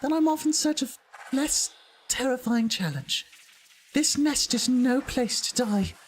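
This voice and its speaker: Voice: high-pitched, animated, measured pace, a little hiss or hum, pitched above the performer's own voice. A streamer voicing a tired, brave female bug warrior from a game, in a shaky mock British accent. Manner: wobbly, self-conscious delivery. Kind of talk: game dialogue read aloud. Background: music.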